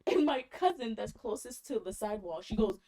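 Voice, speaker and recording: A woman podcast co-host telling a story in casual chat, animated, laughing often and swearing casually. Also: fairly high pitch, normal speed.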